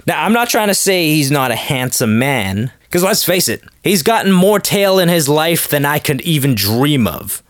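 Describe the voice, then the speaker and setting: A man's voice: a little high, sing-song, normal speed, few pauses, no room sound, studio quality. A man hosting a podcast, rambling in a joking, casual monologue and acting out quotes in little voices. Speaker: podcast host.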